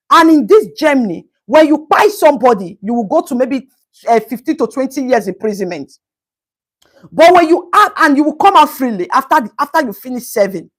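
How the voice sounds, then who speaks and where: A woman's voice: high-pitched, normal speed, slightly rough. A woman hosting a casual live stream, commenting on a news story and greeting viewers by name. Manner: animated, greets viewers by name, Pidgin asides.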